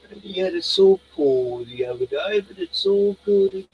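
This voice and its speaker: A man's voice: fairly high pitch, wildly swooping pitch, measured pace, gravelly, hardly any pauses, darkish tone, husky, soft background music, low-quality recording. An Australian man hosting a casual livestream, rambling, swearing and chatting to his dog. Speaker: livestream host.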